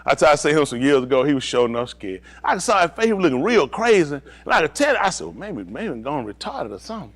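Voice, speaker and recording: A man telling a personal story in a casual, animated way, laughing often and acting out what others said. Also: fairly high pitch, fast talker, few pauses.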